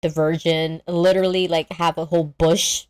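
A woman co-hosting a casual movie podcast, excitable and laughing, with casual swearing. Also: fairly low pitch, normal speed, clear, resonant tone, dry recording. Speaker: podcast co-host. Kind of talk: casual movie review chat.

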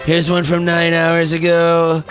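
A man doing an impression of a blustering older male politician, reading out posts slowly and with repetitive emphasis. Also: on the high side, monotone, fairly bright tone, soft background music. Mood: boastful. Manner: slow, emphatic, repetitive boasting.

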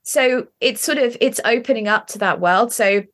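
A woman's voice: fairly high pitch, normal speed, a bit bright. A woman hosting a podcast, responding with enthusiasm and talking casually, often repeating words as she goes. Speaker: podcast host.

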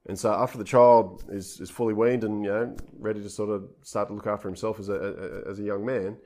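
Relaxed, low-voiced male preacher. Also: a little fast. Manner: informal, retells scripture in everyday speech. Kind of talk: conversational sermon.

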